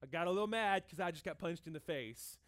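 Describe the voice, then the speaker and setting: A man's voice: on the high side, lively intonation, quick pace, fairly bright tone, pitched below the performer's own voice. A man voicing a dazed, apologetic man who just got punched, in casual modern phrasing. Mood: sheepish. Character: dazed apologetic man, sheepish after a blow.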